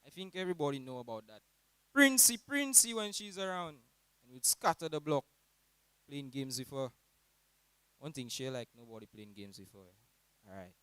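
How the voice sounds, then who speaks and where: Saint Lucian young man, late teens, lively graduation speaker, smooth clear tone. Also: a little fast, long pauses, no room sound, low-quality recording. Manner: animated, mimics teachers in high voices. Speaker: graduating student giving a speech. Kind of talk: humorous graduation speech.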